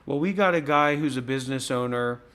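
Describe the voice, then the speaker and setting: A man's voice: medium pitch, fairly quick, a bit bright. Insistent man asking pointed questions. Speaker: host. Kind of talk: casual livestream chat.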